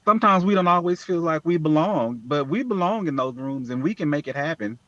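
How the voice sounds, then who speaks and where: A man talks earnestly as a podcast guest in a casual interview. His fairly high voice often restarts and repeats words. The sound is dry and dull, with a lo-fi quality. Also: lively intonation, a little fast, sharp tone, dry recording. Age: adult with children. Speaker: podcast guest, app founder.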